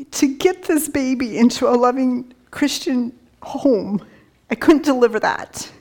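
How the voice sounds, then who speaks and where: A woman giving a personal testimony talk. She tells the story conversationally with many fillers, quoted dialogue, soft laughs and hushed whispers. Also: sits high, sing-song, a little slow. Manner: many fillers like "you know" and "like".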